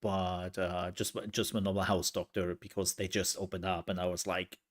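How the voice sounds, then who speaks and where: A man's voice: low-pitched, little pitch movement, moderate pace. A young man chatting casually to his livestream viewers, rambling with lots of fillers and laughs. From outside the US, from a country with universal healthcare. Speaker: streamer.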